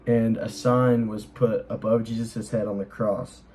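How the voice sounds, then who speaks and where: A man's voice: fairly low pitch, little pitch movement, measured pace, darkish tone, a little hiss or hum, poor audio. A young man explaining a Bible chapter in a casual, earnest way, rambling with lots of fillers as he reads and comments. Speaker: Bible study host.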